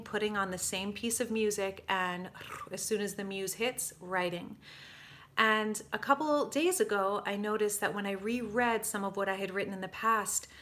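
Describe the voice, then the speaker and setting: Effusive woman hosting a casual livestream. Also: mid-range voice. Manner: effusive, greets viewers warmly by name. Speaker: life coach livestream host.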